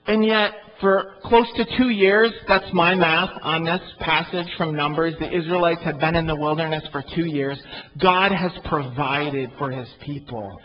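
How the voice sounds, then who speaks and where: Male pastor mid-sermon, expressive with emphatic bursts, a touch high-pitched, dull recording. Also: moderate pace. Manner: animated, rising to loud emphatic peaks.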